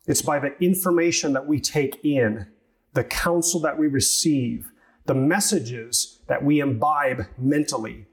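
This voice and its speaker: Measured male pastor preaching. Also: a little high. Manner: expository, measured teaching with rhetorical questions. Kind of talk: sermon.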